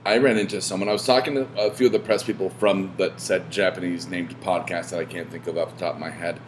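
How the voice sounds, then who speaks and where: A man hosting a podcast, talking casually in a rambling way, full of fillers and restarts and swearing when he gets animated. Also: low-pitched, fast, a little hiss or hum. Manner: rambling, self-interrupting with many fillers and restarts. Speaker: podcast host.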